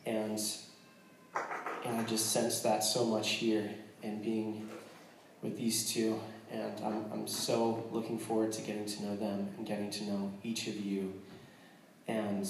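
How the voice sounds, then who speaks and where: A man's voice: lowish voice, little pitch movement, a little slow, very echoey, recorded from a distance, slight background noise, poor audio. An American man, a missionary, talking earnestly with a congregation, joking in between and restarting his sentences often. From United States. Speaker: missionary speaking to a church. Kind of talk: casual testimony to a congregation.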